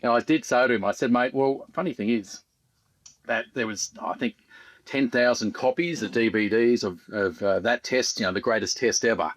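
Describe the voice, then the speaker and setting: An Australian man in his fifties, a former fast bowler guesting on a podcast, telling rambling stories with dry humour and lots of ums. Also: medium pitch, no room sound. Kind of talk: casual podcast chat.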